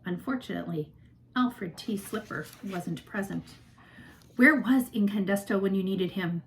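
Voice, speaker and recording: Expressive woman reading a children's novel. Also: medium pitch, measured pace, slight background noise, rough recording. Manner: expressive storytelling. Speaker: reader. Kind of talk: audiobook narration for children.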